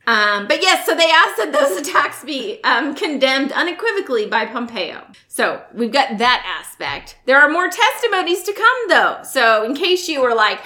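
A woman's voice: high-pitched, sing-song, moderate pace, few pauses, sharp tone. A woman co-hosting a podcast, reading out news quotes with joking asides and the odd swear word. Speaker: podcast co-host. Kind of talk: casual news recap chat.

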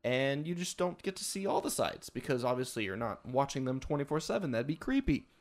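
A man co-hosting a casual podcast chat, animated and rambling, with many restarts. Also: medium pitch, brisk. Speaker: podcast co-host, streamer.

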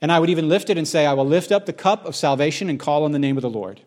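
A middle-aged male pastor shares a candid, conversational testimony in sermon style. His voice is a little high and a little mellow, he talks very fast, and he often restarts sentences.

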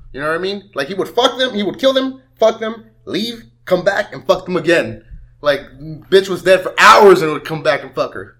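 A man's voice: high-pitched, a bit bright. A man telling a rambling, profane story in a casual podcast chat, often laughing as he talks. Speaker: podcast co-host.

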